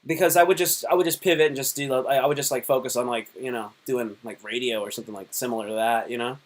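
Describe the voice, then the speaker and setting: A man in his thirties hosting a live stream, chatting casually and telling lively stories with many fillers. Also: mid-range voice, fast. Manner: animated storyteller, many fillers. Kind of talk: casual chat.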